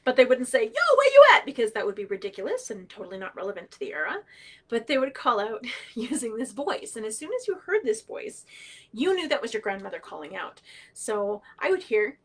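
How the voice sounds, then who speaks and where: A middle-aged woman telling stories and teachings on a livestream, animated and playful, laughing often and acting out voices. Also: a little high, fairly quick. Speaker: storyteller and knowledge keeper. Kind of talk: humorous teaching storytelling on a livestream.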